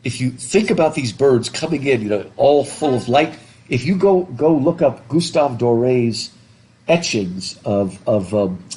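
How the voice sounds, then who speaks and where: A middle-aged American man lecturing in a classroom, animated, reading passages aloud and joking with his students. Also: medium pitch, measured pace, breathy edge. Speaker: literature professor.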